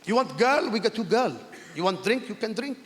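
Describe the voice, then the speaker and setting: A man's voice: high voice, very animated, a little fast. A man voicing a pushy male tour guide who speaks in broken English, on a big theatre stage. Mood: salesy. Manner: broken English, loud hard-sell patter. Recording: echoey hall, loud crowd laughter.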